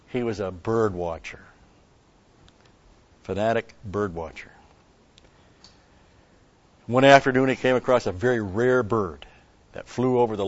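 A man's voice: lowish voice, no echo, muffled recording. A man preaching a sermon, telling a story and asking rhetorical questions with an occasional chuckle.

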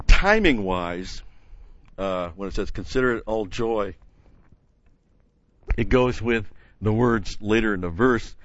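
A man's voice: fairly low pitch, animated, takes it slowly, long pauses, no room sound, dull audio. A man teaching a Bible study in an earnest, emphatic way, stopping often with "uh" and restarting phrases.

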